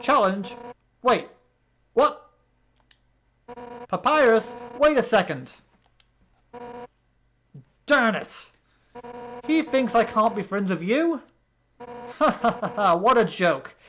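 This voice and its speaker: Fierce female fish warrior, proud and hostile, read aloud by a British player, gruff and lowered, British accent. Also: expressive, extremely slow, pauses often, fairly bright tone, slight background noise. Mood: indignant.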